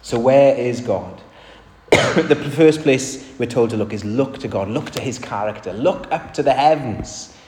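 A man's voice: mid-range voice, animated, unhurried, a little mellow. Man preaching a sermon in an echoey church. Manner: earnest, rising and falling emphasis, conversational.

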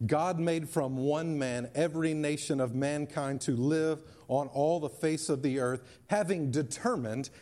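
Slow, emphatic preaching man. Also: mid-range voice, darkish tone. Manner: deliberate preaching with emphatic repetition. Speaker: pastor. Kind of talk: sermon. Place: church sanctuary.

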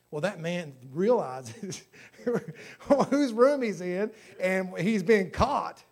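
High-voiced man preaching a sermon. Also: animated, slow pace, creaky, a little mellow. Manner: emphatic, with surges in volume on key phrases; storytelling preacher.

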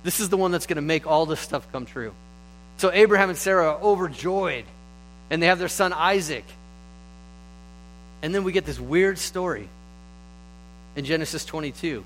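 A man giving a sermon, retelling stories in a relaxed, conversational way with animated stretches. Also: fairly high pitch, normal speed, long pauses, a little hiss or hum, low-quality recording. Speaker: preacher.

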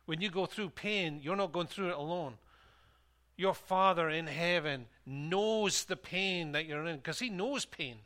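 A man, a pastor preaching a sermon and telling a story, animated and laughing at times. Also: fairly high pitch, a little slow.

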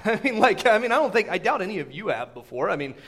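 A man preaching a sermon, retelling a story in animated fashion, full of fillers and repeats, swinging between shouts and hushed asides. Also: high voice, quick pace. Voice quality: filler-heavy, repetitive.

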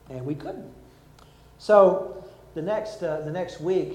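A man's voice: sits high, unhurried, roomy sound, a little hiss or hum, rough recording. An older man preaching a sermon, telling stories and acting out the people in them. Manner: lively storytelling, acts out quotes. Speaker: preacher, former army chaplain.

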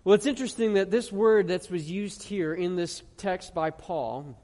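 A pastor preaching a sermon in an earnest tone. He asks the congregation questions and reads scripture slowly, stressing each phrase. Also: high-pitched, darkish tone. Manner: earnest preaching with rhetorical questions and slow emphatic scripture reading. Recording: long reverb of a large hall.

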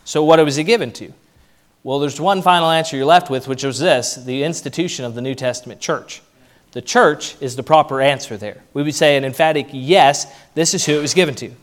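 A man preaching a sermon as pastor, emphatic, his voice rising and falling in loudness. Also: on the high side, a little fast.

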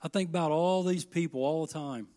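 Impassioned preacher, slightly high voice. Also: male voice, brisk. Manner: impassioned and folksy, swinging between hushed and loud emphatic peaks. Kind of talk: sermon.

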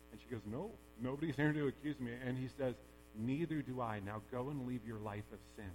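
Male pastor, mid-range voice, chatty sermon with jokes; reverberant hall, light electrical hum. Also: medium pitch. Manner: conversational, with humorous asides. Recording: long hall reverb, faint mains hum.

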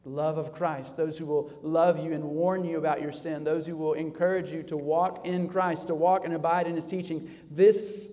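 A male pastor preaching a sermon, dropping low and quiet, then rising loud for emphasis. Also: level tone, normal speed, hardly any pauses, long reverb tail. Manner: preaching with sharp swings between soft low passages and loud raised emphasis. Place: church sanctuary.

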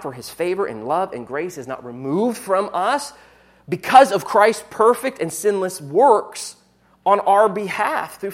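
Lively, earnest preacher in a sermon. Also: mid-range voice. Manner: earnest teaching delivery with occasional self-corrections.

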